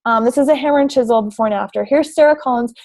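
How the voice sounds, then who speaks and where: A woman's voice: high-pitched, rapid-fire, darkish tone. A young woman coaching fitness, giving a bubbly, gushing presentation over slides, full of "like" and "oh my gosh".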